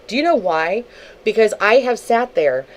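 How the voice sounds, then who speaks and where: On a livestream, an expressive young woman with a medium-pitched voice rants furiously at another streamer at normal speed. Her language is heavily profane and confrontational, and the audio is poor.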